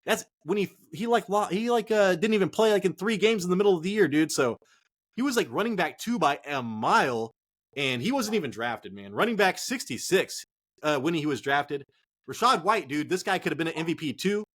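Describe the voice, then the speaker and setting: A man hosting a sports podcast, talking in an excitable, casual way, swearing often and calling listeners "dude" and "man". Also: high voice, a little fast. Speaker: podcast host.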